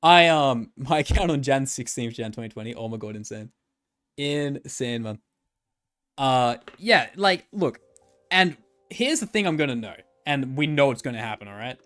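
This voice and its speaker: Streamer type: chatty guy, lively up-and-down delivery, swears casually, faint music under him. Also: mid-range voice, normal speed. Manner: rambling, joking, swears freely. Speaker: gacha game streamer. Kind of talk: casual livestream commentary. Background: faint background music.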